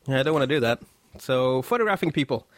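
A man's voice: mid-range voice, lively intonation, fast talker, no echo. A man hosting a photography podcast in a chatty, self-deprecating way, often restarting his sentences. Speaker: podcast host. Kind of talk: casual podcast chat.

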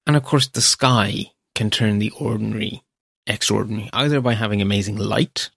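A man's voice: lowish voice, fairly quick, vocal fry, a bit bright, slightly rough, dry recording, clean studio sound. A man hosting a podcast, talking in an enthusiastic, meandering, descriptive way. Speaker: podcast host. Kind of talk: casual solo podcast talk.

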